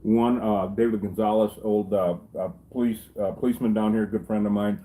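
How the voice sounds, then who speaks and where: A man's voice: lowish voice, fairly even intonation, a little fast, mellow, low-quality recording. A middle-aged man, a beekeeper, telling stories in casual chat, rambling and cracking jokes with salty asides. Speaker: beekeeper and channel host.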